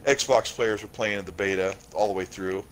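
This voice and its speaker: A man's voice: on the low side, moderate pace, low-quality recording. Enthusiastic male gaming guest, hissy audio. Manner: enthusiastic, explains gaming tech in detail. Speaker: guest commentator. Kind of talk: casual chat.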